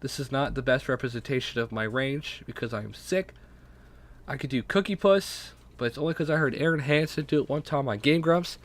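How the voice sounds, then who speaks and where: A man's voice: mid-range voice, a little fast. A young man with a stuffy, sick voice rambling casually and profanely on his own podcast late at night. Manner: rambling, self-deprecating, profane. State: sick, congested. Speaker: podcast host. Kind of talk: casual solo podcast talk.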